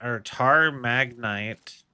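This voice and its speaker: A man streaming a video game, chatting casually and thinking out loud with lots of filler words. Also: mid-range voice, very slow, clear, resonant tone, no echo. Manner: rambling, thinks aloud with many fillers. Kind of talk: casual gaming stream commentary.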